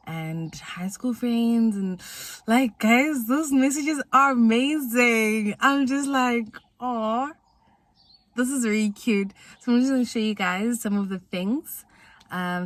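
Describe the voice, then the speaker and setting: A woman's voice: medium pitch, fairly bright tone. A woman of twenty-one chatting playfully to camera in a casual vlog. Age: young adult, 21. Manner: chatty, playful, quick asides. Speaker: vlogger.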